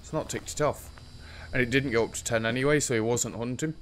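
A man's voice: mid-range voice, fast talker, a little hiss or hum. Nervous, chatty man gaming. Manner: nervous, jokey running commentary, taunting the ghost. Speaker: gaming streamer. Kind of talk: solo horror game commentary.

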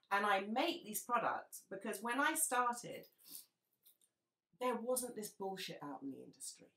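A woman who is a makeup artist and brush maker, talking frankly and passionately to her followers, blunt and quick to swear. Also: medium pitch. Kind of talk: candid spoken talk to followers. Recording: roomy sound, distant mic.

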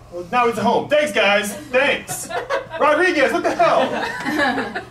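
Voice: high-pitched, expressive, slow pace, pauses often, a loud crowd. An improv performer in a comedy scene, defensive and exasperated. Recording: echoey theater, distant mic, background noise.

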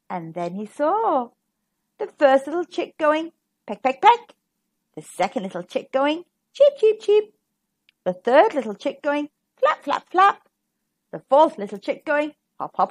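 A woman reading a rhyming picture book aloud to children in a sing-song, rhythmic way. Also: high voice. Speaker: storybook reader. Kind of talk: children's storybook read-aloud.

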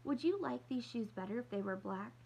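A woman reading aloud, voicing a kind young girl who speaks in a sophisticated, gentle way. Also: fairly high pitch, expressive, fairly quick, vocal fry, slight background noise, voice pushed up, low-quality recording. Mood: gracious. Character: poised imaginative ten-year-old girl, gracious and kind.

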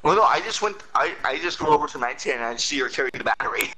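Young man, very bright lively voice. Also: on the high side, fast, poor audio. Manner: animated, laughing, whiny complaints. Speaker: gamer. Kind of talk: casual gameplay chat.

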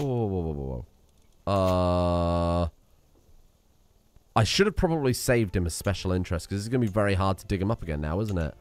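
A man's voice: mid-range voice, no room sound. Man giving dry, muttered gameplay commentary. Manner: talks to himself while playing, swearing and exasperated. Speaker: let's play streamer.

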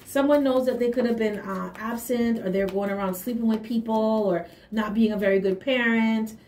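Higher-pitched woman giving a tarot reading. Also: normal speed, darkish tone. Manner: emphatic, affirming asides, hums and laughs. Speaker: tarot reader. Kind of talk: casual tarot reading to camera. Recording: echoey room with faint hiss.

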